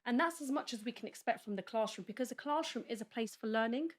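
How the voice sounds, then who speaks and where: A woman educator on a discussion panel, speaking in a measured but frank, opinionated way. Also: on the high side.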